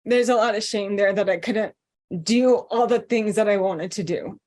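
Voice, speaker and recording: A woman's voice: medium pitch, normal speed, darkish tone. A woman speaking candidly as a panelist, open and self-deprecating, over a video call. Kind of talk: personal panel talk.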